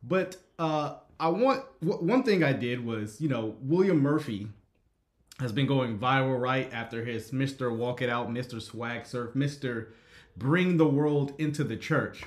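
A man's voice: mid-range voice, unhurried. Brief: male live-stream host, conversational and asking "right?", room echo. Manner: conversational, frequent "right?" checks, reads chat.

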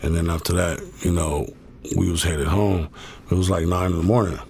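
A man's voice: deep voice, steady tone, normal speed, a little mellow, a little hiss or hum. A man guest telling a long story in a laid-back, profane way, full of fillers. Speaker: interview guest. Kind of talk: casual storytelling.

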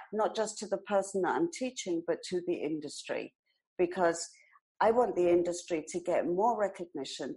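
An animated British woman in her sixties. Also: lowish voice, poor audio. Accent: British, with some American twang. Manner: animated and expressive, laughs while telling stories. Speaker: guest, hairdressing educator. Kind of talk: conversational storytelling.

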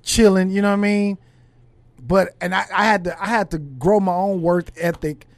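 A man's voice: high-pitched, steady tone. A man hosting a podcast who speaks casually and reflectively, often restarting his sentences. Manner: reflective, halting, with many restarts. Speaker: podcast host. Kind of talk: casual conversation.

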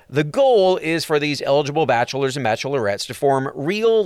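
Man, entertainment host, animated pitch, dry close sound, playful scripted delivery. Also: dry recording. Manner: upbeat, playful presenter delivery. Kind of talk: scripted entertainment narration with puns.

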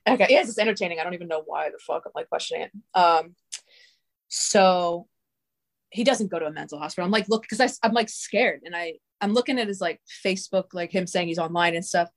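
A young adult woman with a low-ish voice and quick pace tells a long story in casual, rambling fashion. She swears a lot and peppers everything with "like".

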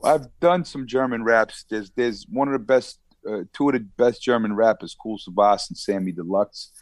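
Long Island rapper, very low voice, dry close sound, easygoing and rambling. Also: male voice, normal speed, no echo. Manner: laid-back, rambling with many restarts. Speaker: rapper guest. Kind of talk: casual interview chat.

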